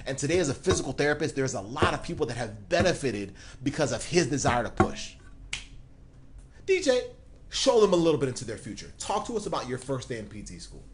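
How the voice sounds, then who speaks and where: A man's voice: mid-range voice, sing-song, brisk, a little hiss or hum. A man hosting a mentorship live stream, giving an emphatic pep talk straight to his viewers.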